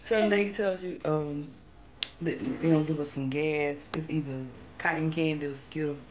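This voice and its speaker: A woman's voice: sits low, fairly even intonation, moderate pace, a little mellow, highs cut off, slight background noise. A mother vlogging from a hospital room, emotional and fighting back tears while soothing her child. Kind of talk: casual family vlog.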